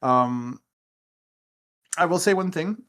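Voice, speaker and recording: Running a tabletop session on a video stream as game master, a man talks casually through a computer mic, cracking dry, sarcastic jokes and laughing often. He speaks slowly, in a voice on the high side with lively intonation and a bit of brightness.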